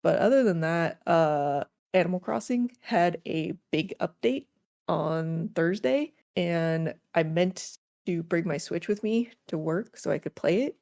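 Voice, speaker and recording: Creaky low-voiced woman chatting. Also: no room sound, clean studio sound. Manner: animated storytelling, acts out villagers in high squeals; swears casually, laughs often. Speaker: podcast co-host. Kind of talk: casual chat.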